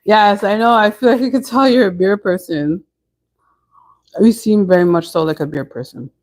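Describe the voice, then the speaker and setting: A woman hosting a relaxed live stream from home chats with her viewers, answering their comments as they arrive in an easygoing, conversational way. Her voice is medium-pitched at a moderate pace, and the audio is poor.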